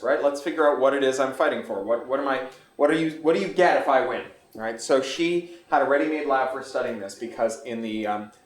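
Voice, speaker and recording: A man in his forties talks about his novel at a bookstore, fast and articulate. He sits at a middle pitch and races through his explanations. The recording is roomy, with his voice caught from a distance. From Canada. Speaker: author. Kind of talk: book talk at a bookstore event. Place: bookstore event room. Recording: echoey room recorded from far off.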